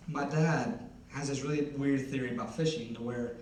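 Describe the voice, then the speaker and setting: A man's voice: mid-range voice, fairly even intonation, normal speed, a little mellow, slight background noise. Rambling young man doing stand-up. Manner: rambling, chatty, lots of "like". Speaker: stand-up comedian. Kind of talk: stand-up comedy. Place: concert hall. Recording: roomy hall from a distance.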